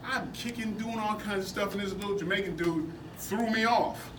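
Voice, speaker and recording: A man with a notably high voice tells animated stories to a class, laughing often as he goes. He sounds distant from the mic in an echoey room. Steady background noise runs under him. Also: moderate pace. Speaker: martial arts seminar instructor. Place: indoor seminar room at a convention.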